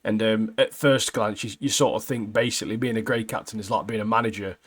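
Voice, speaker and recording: A man's voice: lowish voice, steady tone, a little fast, a bit bright, breathy edge. Rambling man recapping anime. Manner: rambling, many fillers, laughs at own retelling. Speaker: podcast co-host. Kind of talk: casual anime recap chat.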